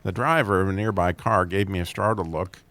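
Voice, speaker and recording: A man's voice: deep voice, fairly quick, a bit bright. A man reading jokes and funny stories as host, chuckling at his own punchlines and raising his voice for quoted characters.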